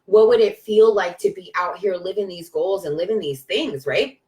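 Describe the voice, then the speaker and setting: A woman delivers a casual spiritual pep talk on a live stream. She is emphatic and repeats herself, breaking into cheers and swearing. Her voice sits at a middling pitch and sounds distant, in a roomy, echoing space. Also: normal speed, darkish tone. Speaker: spiritual life coach on a live video.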